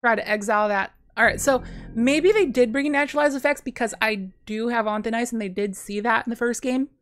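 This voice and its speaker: A fairly high-voiced woman gives play-by-play on her own card game from a home desk microphone. She chats and thinks aloud, then breaks into sudden excited bursts. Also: brisk. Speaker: gameplay streamer. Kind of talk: casual play-by-play commentary.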